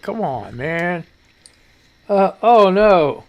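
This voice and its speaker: A man's voice: sits high, big pitch swings, a little slow, creaky, fairly bright tone. Guy hosting a live stream, rambly and salty, voice jumps all over, kinda winded. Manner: rambling, salty, self-mocking. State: short of breath. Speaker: live show host. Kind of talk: casual live-stream chat.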